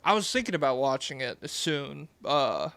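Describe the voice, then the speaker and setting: Young male podcast co-host, rambling and laid-back, smooth voice, dry close-miked sound. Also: mid-range voice, sing-song, moderate pace, pushed and bright, no echo. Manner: rambling, laid-back, swears and giggles often. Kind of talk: casual chat.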